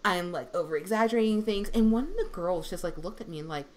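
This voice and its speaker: Lively young woman in a casual chat. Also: mid-range voice, quick pace, few pauses. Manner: animated storytelling, lots of fillers, swings in loudness. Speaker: substitute teacher and voice actor. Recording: faint background noise.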